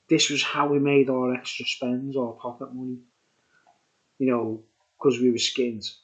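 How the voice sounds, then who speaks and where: A man in his sixties rambling through a childhood story for his viewers, with digressions and chuckling asides. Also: medium pitch. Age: 60s. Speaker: vlogger. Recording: dull lo-fi recording.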